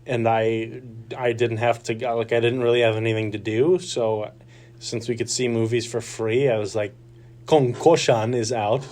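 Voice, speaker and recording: A man's voice: mid-range voice, little pitch movement, moderate pace, a little mellow, a little hiss or hum. Laid-back young man co-host. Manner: laid-back, dry teasing. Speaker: co-host of a campus radio movie show. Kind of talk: casual chat.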